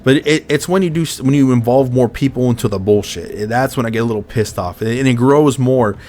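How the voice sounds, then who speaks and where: A man's voice: mid-range voice, fast, darkish tone, a little hiss or hum. A man hosting a podcast in casual chat, ranting bluntly and swearing often. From Mexico's Baja California border region. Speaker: podcast host.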